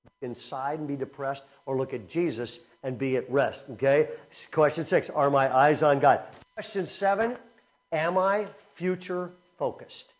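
A man preaching a sermon to his congregation, telling stories with animated bursts and slowing down for earnest, repeated emphasis. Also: medium pitch. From Southern California. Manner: animated storytelling with laughter, then slow earnest emphasis. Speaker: pastor. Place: church before a congregation.

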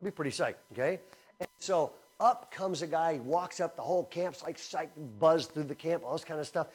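A man preaching a sermon in a conversational style, energetic and swinging between loud emphasis and quiet asides. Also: a little high, fairly quick, slightly rough. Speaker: speaker at a camp teaching session.

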